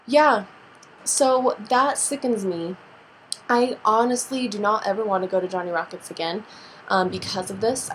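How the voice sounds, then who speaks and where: A woman's voice: mid-range voice, a little hiss or hum, low-quality recording. A woman vlogger in a heated rant to camera, swearing freely and acting out the people she quotes.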